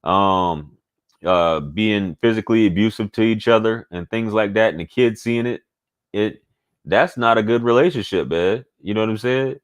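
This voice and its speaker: A man's voice: lowish voice, moderate pace, clear, resonant tone. A man, talking candidly and casually to his audience as a channel host, repeating points for emphasis. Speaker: channel host giving dating advice. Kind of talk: casual monologue to camera.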